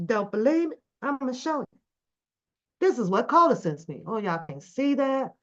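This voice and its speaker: A middle-aged woman vlogging, telling a story casually to her viewers, animated and swearing freely. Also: fairly high pitch, moderate pace. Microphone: phone camera. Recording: dull lo-fi recording.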